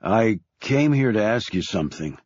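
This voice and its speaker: Man reading nervous halting suitor, low husky voice, dull lo-fi audio. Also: big pitch swings, a little mellow, no room sound. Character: nervous grown man asking for a bride. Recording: dull lo-fi recording.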